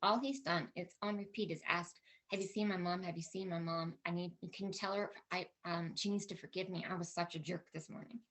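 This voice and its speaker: Her lowish, fairly bright voice moves briskly with hardly any pauses and fairly even intonation. She's a middle-aged woman on a conference stage, recounting a personal story to the audience with open emotion and many quoted exchanges.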